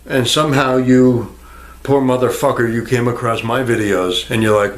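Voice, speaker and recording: A YouTuber rambles casually to his viewers in a crude, self-mocking home vlog, speaking in a mid-range voice at a measured pace. He's indoors at home near a fish tank, recorded on a camera microphone.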